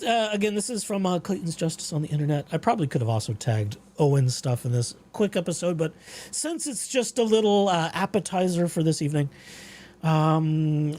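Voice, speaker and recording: A man hosting a casual talk show, rambling about his dreams and reading out legal updates. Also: on the high side. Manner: rambling, animated quoting of dreams. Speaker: podcast host.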